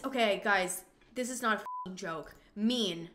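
A woman hosting a casual let's-play, talking excitably to her viewers, with gasps, exclamations and swearing at the game. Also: medium pitch, measured pace, slight background noise. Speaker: gaming channel host. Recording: echoey room.

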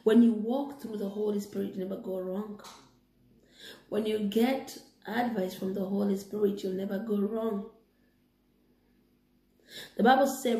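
A woman retelling a moral story and preaching, animated and excitable. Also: medium pitch, a little slow, pauses often. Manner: animated, excitable, laughing asides. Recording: echoey room.

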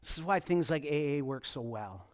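Lively, animated male pastor. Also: on the high side, normal speed. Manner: animated storytelling, chuckling, frequent restarts. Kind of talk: conversational sermon with personal stories. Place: church service.

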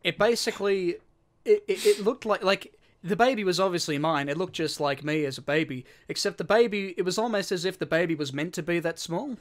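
High-pitched and fairly quick, this male podcast co-host from Australia rambles through a lengthy story in a casual way, with plenty of repetition and casual cursing.

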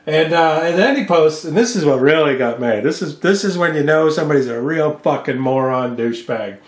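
A man's voice: fairly high pitch, animated, a little fast. Ranting, cursing man in an echoey room. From United States. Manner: angry, cursing, mocking. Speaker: vlogger. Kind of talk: profane ranting vlog. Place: home. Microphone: studio microphone with mixing board.

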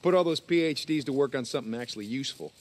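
An actor playing an easygoing outlaw biker in a video game, joking and deflecting. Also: male voice, mid-range voice, rapid-fire, slight background noise, natural voice. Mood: teasing. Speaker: game character. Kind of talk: video game dialogue acting.

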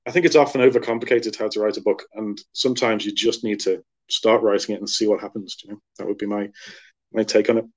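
A man, a guest author, chatting casually in an interview, rambling and leaning on filler phrases, heard over a phone on a video call. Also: medium pitch. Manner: rambling, leans on "you know". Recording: dull lo-fi phone audio.

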